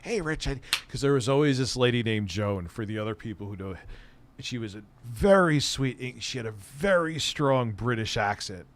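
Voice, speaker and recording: A man's voice: mid-range voice, lively intonation, normal speed, slight background noise. A man hosting his own channel, telling a casual, profane, sardonic story about an old job. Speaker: streamer and channel host.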